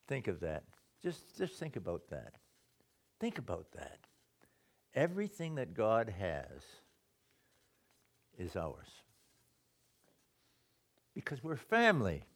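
A man preaching a sermon, reading scripture aloud and explaining it, swinging between loud emphasis and quiet low asides. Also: very animated, measured pace, gravelly, pauses often.

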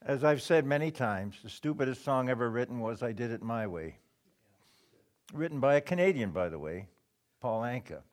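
A man preaching a sermon in a slow, deliberate way, pausing often and clearing his throat now and then. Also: medium pitch, animated.

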